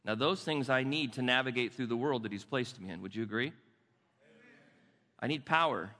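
Older man, pastor, sermon; bright, forceful delivery with chatty restarts; big reverberant church hall. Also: medium pitch. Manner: conversational, restarts words, dips soft and slow for emphasis. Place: church sanctuary.

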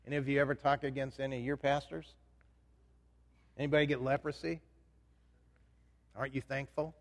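A man's voice: medium pitch, level tone, a little fast. Man preaching in an echoing hall. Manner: conversational, asks the congregation questions. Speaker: pastor. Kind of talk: sermon. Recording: reverberant hall.

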